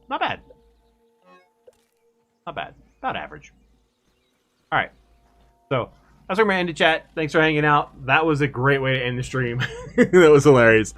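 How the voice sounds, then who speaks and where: Young male game streamer, casual rambling chat, animated intonation. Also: medium pitch. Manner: rambling, laughs a lot, counts items under his breath.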